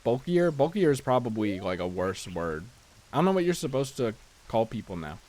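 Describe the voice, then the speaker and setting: A man's voice: medium pitch, sing-song, normal speed, darkish tone. A man chatting casually while playing a video game, rambling and self-deprecating, often restarting his sentences as he thinks aloud. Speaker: let's play host. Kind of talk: casual gameplay commentary.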